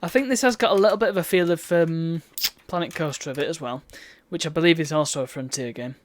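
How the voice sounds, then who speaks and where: A woman's voice: deep voice, fast, dry recording. A woman chatting through a live game stream, with exasperated outbursts at the game. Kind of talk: live gameplay commentary.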